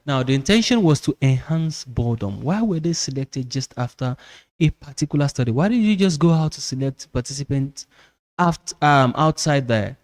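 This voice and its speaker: A man gives a psychology lesson in a relaxed, mellow voice. He explains each point step by step, often repeats words, and keeps checking in with his listeners. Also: mid-range voice, normal speed. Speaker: psychology teacher. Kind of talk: lecture explanation.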